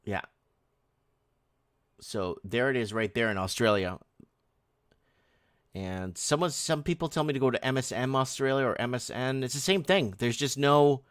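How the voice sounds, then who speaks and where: A man hosts a casual live stream with a mid-pitched voice. The sound is dry, with no room echo. His talk rambles and has a sarcastic, conspiratorial edge, with restarts as he reads headlines and chat messages aloud. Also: normal speed.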